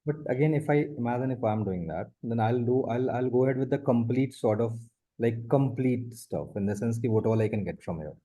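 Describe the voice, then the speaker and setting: Man, rapid speech, very dark tone, patient step-by-step tutoring. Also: mid-range voice. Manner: explains step by step, repeats points, often says the student's name. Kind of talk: one-on-one math tutoring.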